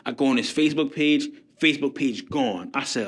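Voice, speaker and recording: A man's voice: mid-range voice, fairly quick, slight background noise. Young guy on a podcast telling a story, acting out the dialogue, casual talk. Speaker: podcast guest, sneaker reseller.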